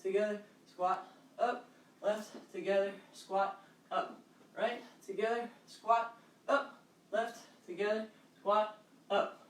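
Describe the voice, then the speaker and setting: Woman, fitness instructor, live workout class, upbeat, encouraging, calling out counts, mid pitch, distant mic. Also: fairly even intonation, takes it slowly, pauses often. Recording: roomy echo, distant mic, faint background noise.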